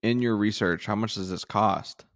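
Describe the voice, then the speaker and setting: A young adult man co-hosting a casual podcast, talking in a relaxed, self-deprecating way. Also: fairly low pitch, moderate pace, no echo, clean studio sound. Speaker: podcast co-host. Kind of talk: casual chat.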